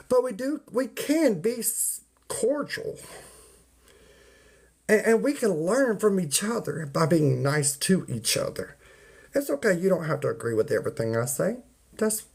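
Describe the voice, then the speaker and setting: A livestreamer rants casually to viewers in a folksy, preachy style, saying y'all and ain't, hammering the same points, and greeting chat members by name. His voice is medium-pitched, creaky, and a little mellow.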